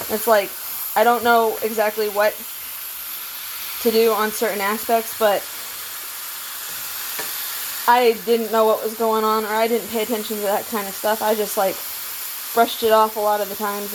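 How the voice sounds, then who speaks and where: A woman at an ordinary pitch talks through a personal story, circling back and repeating herself with plenty of swearing. The recording is noisy, with food sizzling in a pan behind her. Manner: meandering, repetitive, swears freely. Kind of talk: rambling personal monologue.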